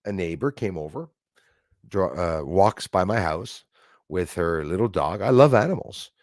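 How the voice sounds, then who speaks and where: A deep-voiced Canadian man talks straight into a close, dry mic with no room sound. He drifts from one story to the next, circling back, restarting sentences and tossing in asides as he goes. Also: expressive, a little slow, darkish tone, dry recording. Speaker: livestream host. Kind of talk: rambling casual monologue.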